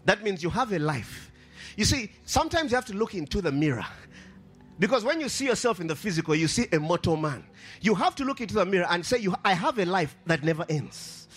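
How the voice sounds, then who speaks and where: A man preaching a sermon with impassioned, sing-song delivery, repeating his phrases and rising to shouts. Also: sits high.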